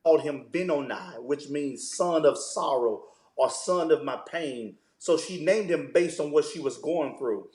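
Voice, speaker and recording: A man, a pastor, talking about fatherhood in a relaxed interview, telling stories and using "man" as a filler. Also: fairly high pitch, measured pace, few pauses, reverberant. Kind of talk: conversational interview.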